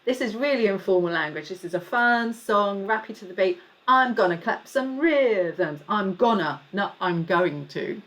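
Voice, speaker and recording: A woman teaching an online music lesson to children, speaking in an encouraging, clear way and slowing down to model words and clapping. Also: medium pitch, a bit bright.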